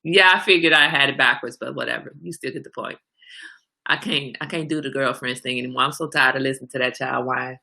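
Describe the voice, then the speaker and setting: Low gravelly woman chatting on a livestream. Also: a little fast. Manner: animated, talks back to commenters by name. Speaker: livestream host. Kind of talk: casual chat reading viewer comments.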